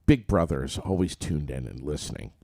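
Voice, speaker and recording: A man's voice: very deep voice, very animated, fairly quick, gravelly, a little mellow, no echo, studio quality. A man co-hosting a casual morning talk show, reading news headlines and bantering wryly. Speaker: radio co-host. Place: studio.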